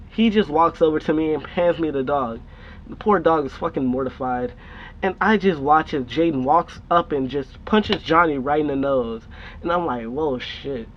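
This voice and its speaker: Young man telling a profane story. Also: on the high side. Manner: profane, laughing, rambling. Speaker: storytime vlogger. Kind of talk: casual storytelling. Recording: dull lo-fi recording with faint noise.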